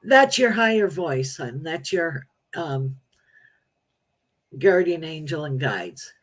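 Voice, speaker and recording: A woman appearing as a psychic medium guest on a casual talk show, speaking in a halting, matter-of-fact way. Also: low voice, very animated.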